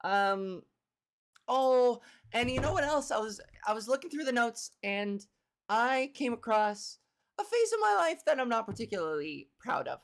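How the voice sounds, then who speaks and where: A woman's voice: fairly high pitch, big pitch swings, normal speed, gravelly. A woman hosting her own solo comedy podcast, talking casually from home into a microphone, rambling, self-deprecating and swearing freely. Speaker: podcast host and stand-up comedian.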